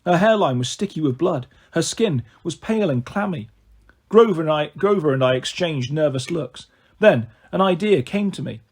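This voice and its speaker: Animated husky male storyteller. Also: fairly high pitch, normal speed. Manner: expressive, animated first-person narration. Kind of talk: reading a novel aloud.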